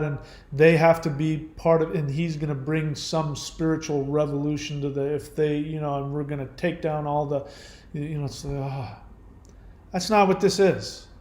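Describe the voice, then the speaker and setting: An older man hosting his own channel, giving blunt, profane advice in a casual monologue full of sharp rhetorical questions. He trails off and restarts as he muses. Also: on the high side, echoey room. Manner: trails off and restarts often when musing. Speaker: channel host answering viewer questions.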